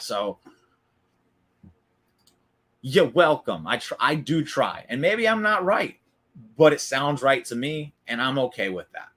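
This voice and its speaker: A man with a voice of ordinary pitch, hosting a live recap stream in a loose, conversational way. He argues his opinions with confidence and keeps breaking off to answer viewers in the chat by name. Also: fairly bright tone. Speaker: wrestling recap host. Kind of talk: casual live-stream commentary.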